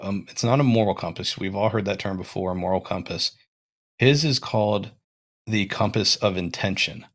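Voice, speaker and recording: Low-voiced young man, casual podcast host. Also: fairly bright tone. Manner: rambling, thinking aloud with restarts.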